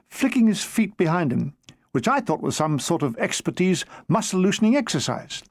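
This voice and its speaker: A man's voice: high voice, dry recording. A man reading his own memoir aloud as an audiobook, with a dry comic storytelling manner. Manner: dry comic storytelling, briefly mimicking characters. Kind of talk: audiobook narration.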